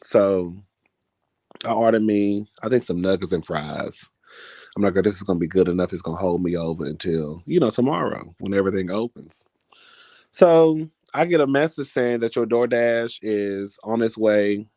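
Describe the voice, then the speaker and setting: A man's voice: lowish voice, moderate pace, warm tone, no echo. Chatty man telling a story, dry sound. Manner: chatty, dramatic, keeps calling listeners "girl". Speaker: vlogger. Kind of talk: casual storytelling to camera.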